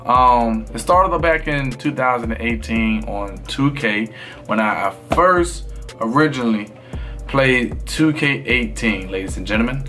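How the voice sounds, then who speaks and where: A man's voice: medium pitch, animated, a little slow, bright, forceful tone, faint music behind. A man streamer in casual chat with his viewers, talking in a loose, rambling way full of fillers.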